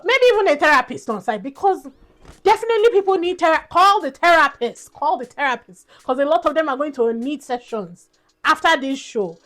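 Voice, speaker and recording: A woman's voice: high voice, fairly bright tone. A young woman giving a casual, exasperated recap of a dating show, with laughing asides. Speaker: reality show reviewer.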